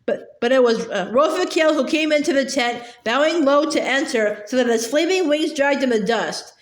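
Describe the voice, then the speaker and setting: A woman's voice: sits high, expressive, moderate pace. A woman reading a novel aloud, hesitant, with many fillers and restarts. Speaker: reader. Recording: echoey room.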